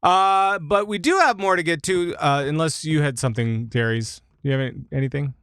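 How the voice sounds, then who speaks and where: A man hosting a casual gaming news podcast, upbeat and quick with short acknowledgments. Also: a little high, a bit bright, clear, resonant tone, no echo, clean studio sound. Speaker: podcast host.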